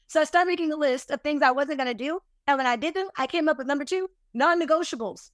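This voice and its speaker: A woman with a high, bright-pitched voice speaks as a podcast guest. She tells stories in an animated, emphatic way and pokes fun at her own mistakes. The recording is dry and close. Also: quick pace, hardly any pauses, no room sound. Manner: animated, emphatic, self-deprecating. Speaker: podcast guest, business owner. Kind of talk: casual interview storytelling.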